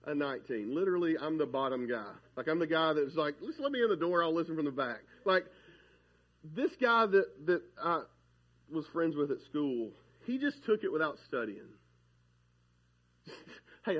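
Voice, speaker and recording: Husky preacher, lively and chatty. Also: male voice, a little high, dull audio. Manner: animated, conversational preaching with tag questions. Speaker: pastor. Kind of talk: sermon.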